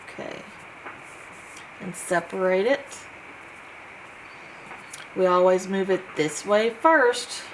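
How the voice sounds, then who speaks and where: A woman teaching a phonics lesson, sounding out letters one by one in a slow, patient way. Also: mid-range voice, noisy background. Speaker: homeschool teacher.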